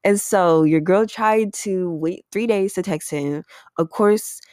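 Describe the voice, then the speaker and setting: Speaking slowly in a slightly mellow, medium-pitched voice, this woman tells a casual confessional story on her podcast. She's chatty and uses plenty of "like" and "um," and the studio recording has no echo.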